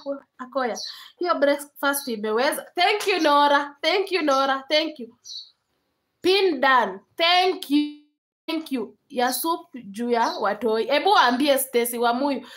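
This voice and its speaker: On a rough recording with a little hiss or hum, a high-pitched young woman from Kenya livestreams, talking easily with her viewers. She laughs a lot and switches back and forth between English and Swahili.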